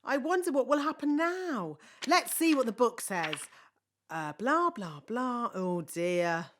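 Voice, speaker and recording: A bossy, prim fairy nanny. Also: female voice, a little high, animated, slow pace, a little hiss or hum. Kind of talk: cartoon voice acting.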